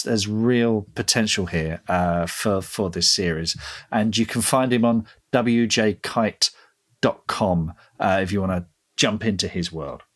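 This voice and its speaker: A man co-hosting a podcast, talking enthusiastically in casual chat and often restarting his sentences. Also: fairly low pitch. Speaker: podcast co-host.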